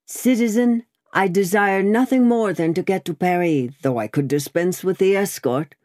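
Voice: medium pitch, moderate pace, a little mellow, no room sound, clean studio sound, pitched above the performer's own voice, close to an everyday voice. A reader voicing a restrained young aristocrat. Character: composed young male aristocrat under arrest.

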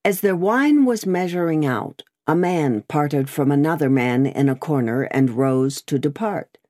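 A woman reading a classic novel aloud in an expressive, varied way. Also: deep voice, a little slow, dry recording, clean studio sound. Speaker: audiobook reader. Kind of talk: scripted narration of a classic novel.

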